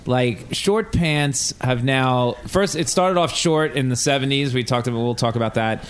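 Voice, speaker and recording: A man's voice: mid-range voice, moderate pace, slight background noise. Laid-back male podcast host. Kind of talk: casual chat.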